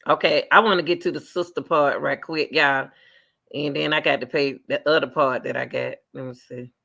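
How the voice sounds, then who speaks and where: Gravelly bright-voiced man reacting live. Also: fairly high pitch, normal speed. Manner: animated, talks straight to chat. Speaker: commentary streamer.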